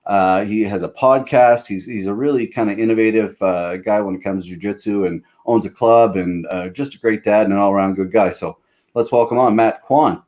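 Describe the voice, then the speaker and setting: A man's voice: fairly low pitch, moderate pace, a little mellow. A male podcast host from Nova Scotia, chatting loosely and jokily. He rambles a bit and fills gaps with "uh" and "you know" while keeping the talk going. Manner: loose, joking, rambling with fillers. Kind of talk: casual chat.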